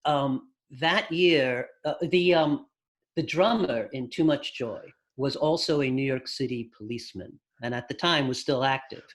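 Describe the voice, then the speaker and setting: A man telling stories from his music career as an interview guest, relaxed, with dry humor. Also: mid-range voice, measured pace. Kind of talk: casual interview storytelling.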